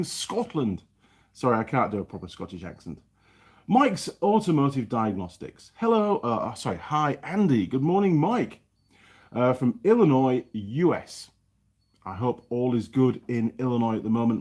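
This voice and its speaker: A husky-voiced man of medium pitch talks at a normal speed during a casual live stream. He's in his home workshop in New Zealand, chatting and greeting viewers warmly by name as they show up.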